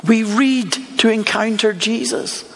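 A man's voice: high voice, slow, fairly bright tone, in a large hall. A man preaching a sermon in a conversational way, asking the listeners many rhetorical questions.

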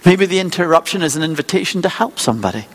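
A man preaching a sermon as a pastor, telling stories in a lively, conversational way and acting out small scenes. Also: a little high, quick pace, long reverb tail. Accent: non-local accent.

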